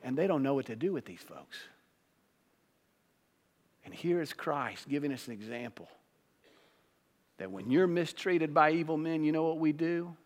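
A male pastor preaching a sermon, shifting from hushed, low passages to loud, high-pitched peaks. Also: moderate pace, long pauses. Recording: long hall reverb.

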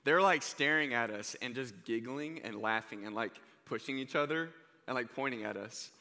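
A young man preaching to a youth group, telling a story in a lively, joking way. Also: medium pitch, moderate pace. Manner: energetic, joking, conversational. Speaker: youth pastor. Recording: reverberant hall.

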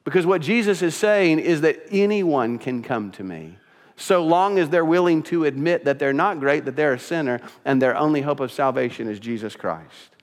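A pastor preaching a sermon with earnest delivery that rises into emphatic, repeated phrases. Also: male voice, on the high side, expressive, moderate pace. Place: church sanctuary. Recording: long reverb in a church hall.

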